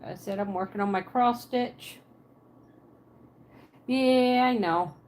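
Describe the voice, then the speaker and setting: A woman's voice: mid-range voice, slow, a little mellow, slight background noise. A woman from Pennsylvania with a Pennsylvania Dutch accent and a Southern twang, chatting casually on a livestream from her apartment and answering viewers' comments aloud.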